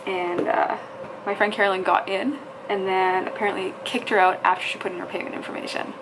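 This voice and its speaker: A fitness vlogger, talking a little fast in a flat, medium-pitched voice, grows exasperated and swears while trying to register online. She addresses herself and her viewers casually, and there's background noise throughout.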